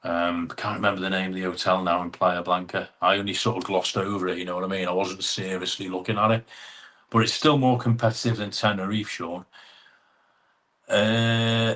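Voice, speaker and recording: A man's voice: sits low, fairly bright tone. A man with an English accent hosting a casual live stream, chatting in a matey way and reading out viewer comments.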